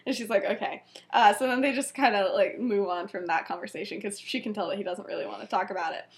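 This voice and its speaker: A woman's voice: medium pitch, quick pace. A young woman co-hosting a podcast, retelling a story in casual chat, giggling often and acting out quoted lines with lots of fillers. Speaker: podcast co-host.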